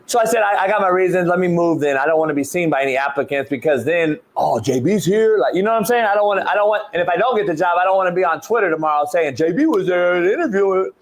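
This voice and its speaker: A middle-aged male sports show host tells a long story in loose, casual talk. His voice sits a little high for a man, and he swears freely while restarting his words as he goes. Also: fast, few pauses. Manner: animated, profane, repeats and restarts words. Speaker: show host, football coach.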